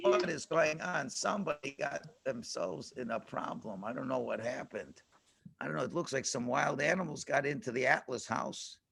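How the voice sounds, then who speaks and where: A man's voice: medium pitch, animated, moderate pace, creaky, a bit bright. A male rabbi telling a story to children with dramatic flair and frequent questions to them. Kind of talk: animated storytelling lesson.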